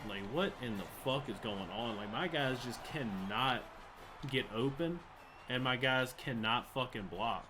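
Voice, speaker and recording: A man's voice: mid-range voice, measured pace, background noise. A young man giving live commentary over a football video game, frustrated and swearing as he rants about the plays. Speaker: gaming channel host.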